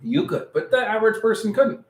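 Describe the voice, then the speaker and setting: A man co-hosting a casual podcast, an animated storyteller who acts out the people he quotes. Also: high-pitched, brisk. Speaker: podcast co-host. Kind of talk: casual chat. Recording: echoey room with faint ambience.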